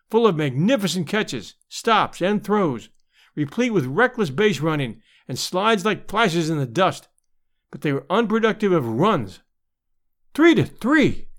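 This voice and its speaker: Male audiobook narrator, high and animated delivery, dramatic period sports tale. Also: measured pace. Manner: lively, expressive storytelling with voiced crowd shouts.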